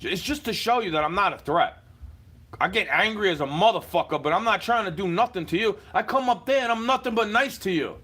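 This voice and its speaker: A man ranting at the camera from his home, profane and confrontational, shouting at times. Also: sits high, animated, a little fast, breathy edge. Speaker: livestreamer. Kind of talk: angry rant to camera. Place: indoors, home.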